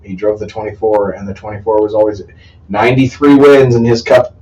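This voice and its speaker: A man's voice: lowish voice, fairly even intonation, fairly quick, a little mellow, far from the mic, low-quality recording. A man co-hosting casual sports talk, jumping in with jokes and racing trivia, often laughing and interrupting. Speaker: co-host.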